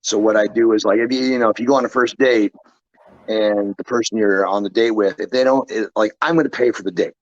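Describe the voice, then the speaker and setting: A man's voice: lowish voice, fairly even intonation, fairly quick, no echo, highs cut off. A man, a wrestler and trainer, telling stories in a casual interview, rambling with frequent restarts and casual swearing.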